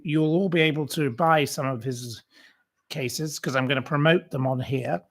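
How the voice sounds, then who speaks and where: A man's voice: fairly high pitch, normal speed, a bit bright. A man hosting his own channel, chatting casually to viewers and telling a rambling anecdote full of fillers and restarts. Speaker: channel host. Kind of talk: casual livestream chat.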